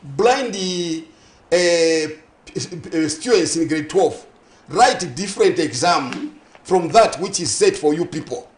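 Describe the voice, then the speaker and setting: A man's voice: fairly high pitch, animated, slow, echoey room. A man with a Zambian accent, a guest on a morning TV talk show, arguing his point emphatically, stacking synonyms and asking if listeners follow him. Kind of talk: passionate on-air discussion. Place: TV studio.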